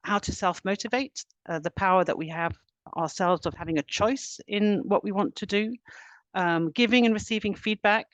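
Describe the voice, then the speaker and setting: A woman's voice: medium pitch, normal speed, no echo. Middle-aged woman, HR director, earnest webinar presenter, dry close sound. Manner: earnest, steady explaining, lists actions step by step.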